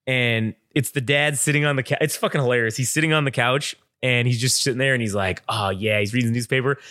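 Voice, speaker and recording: A man's voice: mid-range voice, fast, fairly bright tone, dry recording, clean studio sound. A man co-hosting a casual podcast, telling a long rambling story full of swearing and acted-out quotes. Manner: profane, rambling, acts out quotes in funny voices. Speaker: podcast co-host.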